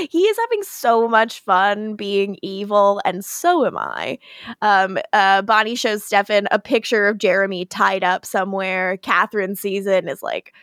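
A woman's voice: medium pitch, fairly bright tone, no room sound, studio quality. A woman co-hosting a podcast, recapping an episode in casual chat, laughing often and acting out quotes playfully. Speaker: podcast co-host.

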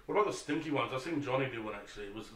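A man's voice: medium pitch, lively intonation, rapid-fire, a bit bright. A man with a New Zealand accent co-hosting a podcast, swapping profane, laughing anecdotes in casual chat. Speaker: podcast co-host. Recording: echoey room, mic at a distance.

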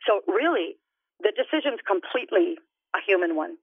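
A woman's voice: medium pitch, animated, moderate pace, breathy edge, no room sound. A woman guest, an author and minister, speaks earnestly and reflectively about her faith, with many fillers. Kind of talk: faith-based interview talk. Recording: dry, tinny phone-like sound.

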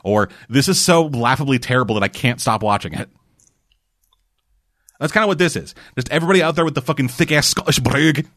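A man's voice: medium pitch, animated, fast talker, a bit bright, no echo, studio quality. A man co-hosting a casual gaming chat, rambling and swearing freely, with lots of restarts and fillers. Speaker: podcast co-host.

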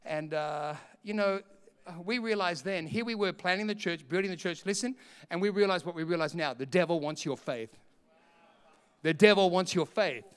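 Middle-aged male preacher, bright and clean, impassioned, in a reverberant hall. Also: high-pitched, normal speed, smooth. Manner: impassioned preaching that swells to shouts between quieter storytelling. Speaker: pastor. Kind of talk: sermon.

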